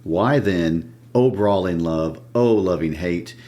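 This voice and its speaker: Man reading as a lovesick young noble, deep voice, slow measured delivery. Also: mellow. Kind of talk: reading play lines aloud.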